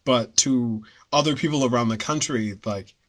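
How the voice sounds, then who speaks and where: Halting American man chatting. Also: medium pitch, a bit bright. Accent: neutral Northeastern American. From United States. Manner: halting, many restarts and fillers, laughs often. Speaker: podcast host. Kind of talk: casual chat.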